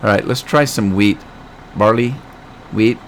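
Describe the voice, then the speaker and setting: A man's voice: lowish voice, measured pace, a little hiss or hum. A middle-aged man live-streaming a farming game, chatting and joking as he reads the chat aloud.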